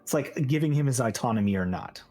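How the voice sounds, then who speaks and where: A man's voice: mid-range voice, lively intonation, quick pace, mellow. A man narrates a tabletop game as its game master. He describes the scene steadily and lays out the choices for the players.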